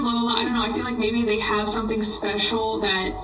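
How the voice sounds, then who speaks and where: A woman's voice: fairly high pitch, little pitch movement, fast, fairly bright tone, a little hiss or hum. A woman chatting casually, musing and hesitant as she thinks aloud. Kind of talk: casual chat. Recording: roomy, distant mic.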